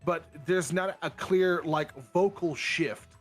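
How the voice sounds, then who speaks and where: A man's voice: high-pitched, takes it slowly, faint music behind. A young man hosting a livestream, chatting casually with friends and giving his opinions. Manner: animated, opinionated, jumps into mock voices. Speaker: streamer host. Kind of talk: casual chat.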